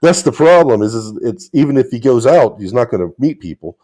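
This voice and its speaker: Mellow chuckling podcast co-host man. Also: mid-range voice, lively intonation, a little fast. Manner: chuckling, easygoing commentary. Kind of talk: casual podcast chat.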